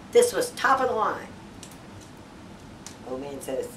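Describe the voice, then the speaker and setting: A woman's voice: a little high, huge pitch swings, measured pace, long pauses. Bawdy woman telling jokes, laughing along. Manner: laughs through her own punchlines. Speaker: joke teller. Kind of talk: bawdy joke telling among friends. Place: cruise ship cabin suite. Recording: echoey room, far from the mic, noisy.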